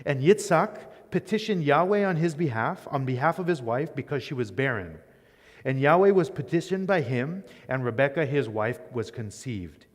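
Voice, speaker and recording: A man's voice: medium pitch, expressive, normal speed, long reverb tail. A man giving a conversational Bible lecture as a teacher, often checking in with his listeners. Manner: conversational, keeps asking "right?". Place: church.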